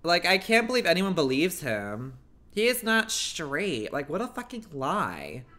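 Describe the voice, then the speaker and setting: A man's voice: a little high, wildly swooping pitch, measured pace, bright, forceful tone. A man livestreaming, chatting casually in a blunt, catty and profane way. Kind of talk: casual chat.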